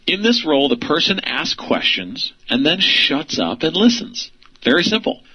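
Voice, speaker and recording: A man's voice: fairly high pitch, big pitch swings, moderate pace, pushed and bright, husky, rough recording. A man teaching an instructional lesson for real estate investors, asking rhetorical questions and laughing lightly.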